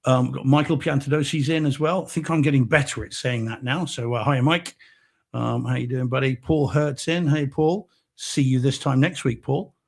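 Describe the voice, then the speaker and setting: A man's voice: mid-range voice, fairly even intonation, moderate pace, gravelly. A man co-hosting a live podcast, easygoing and friendly as he greets viewers in the chat. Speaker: podcast co-host.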